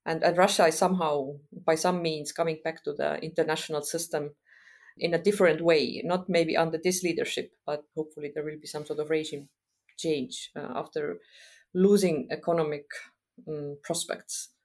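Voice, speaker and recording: A middle-aged woman from Estonia, speaking frankly as a guest expert in a podcast interview, pausing often with "uh" as she thinks. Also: low-pitched, fairly even intonation, a little mellow. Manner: thoughtful, frank, with frequent uh pauses.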